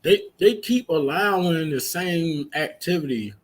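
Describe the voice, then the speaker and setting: A man's voice: a little high, lively intonation, unhurried. A man on a casual podcast, telling stories with lots of swearing and laughing as he goes. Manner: storytelling, profane, laughs while telling. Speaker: podcast co-host. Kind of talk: casual chat.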